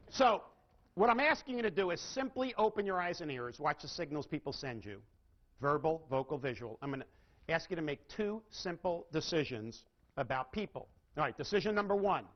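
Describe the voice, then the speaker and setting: A man giving a live sales training lecture, asking his audience questions and changing his emphasis and pace. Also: high voice. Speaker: seminar speaker. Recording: dull lo-fi recording.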